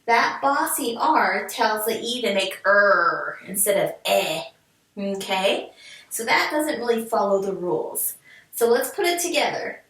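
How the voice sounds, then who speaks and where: Animated woman teaching phonics in an echoey room. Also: medium pitch. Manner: slow, clear, sounding words out syllable by syllable; cheerful and encouraging, speaking to young learners. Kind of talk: recorded remote reading lesson for children. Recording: echoey room, mic at a distance.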